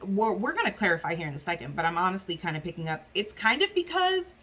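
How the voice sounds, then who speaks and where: A woman giving a casual tarot reading to viewers, talking in a loose, chatty way with many fillers. She often slips into quick acted-out voices for the people and spirits she describes. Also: lowish voice, big pitch swings, bright, forceful tone. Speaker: tarot reader.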